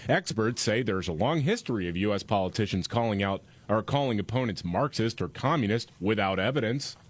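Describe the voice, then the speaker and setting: A man's voice: lowish voice, animated, fairly quick. A man co-hosting a news talk podcast, reading headlines and cutting in with sarcastic, mocking asides.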